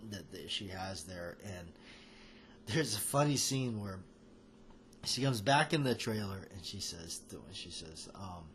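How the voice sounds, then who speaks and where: A man's voice: deep voice, lively intonation, unhurried, fairly bright tone, slight background noise. A man hosting a casual film chat, talking in a rambling, hesitant way full of fillers and restarts. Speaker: movie chat host.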